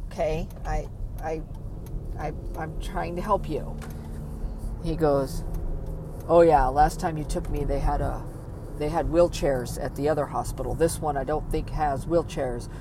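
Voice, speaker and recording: A woman recounts a personal story for her vlog in an unhurried, halting way, pausing and sighing as she goes. Her voice sits a little low. Steady car noise runs clearly underneath. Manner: slow, soft-spoken, halting with sighs. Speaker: vlogger.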